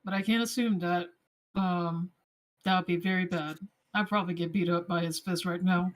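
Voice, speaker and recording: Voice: mid-range voice, steady tone, moderate pace, noisy background. A player in casual tabletop play, speaking in a hesitant, rambling way.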